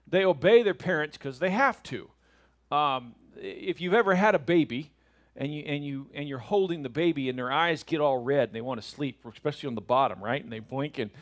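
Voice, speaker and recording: A middle-aged man teaching a Bible lesson in a conversational way, often asking rhetorical questions. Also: on the high side.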